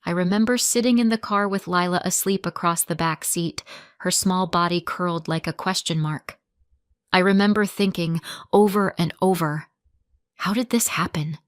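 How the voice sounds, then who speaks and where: A woman narrating a first-person dramatic story, earnest and quietly tense, on a close mic. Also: on the low side, moderate pace, smooth, dry recording.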